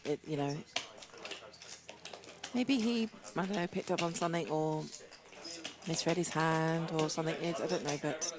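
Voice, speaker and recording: A British woman commentating live poker hands, chatty and quick to laugh, with a headset mic in a casino booth. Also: deep voice. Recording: crowd chatter behind.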